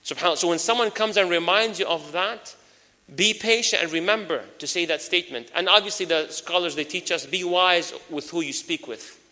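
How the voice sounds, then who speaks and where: A man preaching a lively sermon to an audience, mixing in Arabic phrases and addressing the crowd directly. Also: high voice, fairly quick. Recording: long hall reverb.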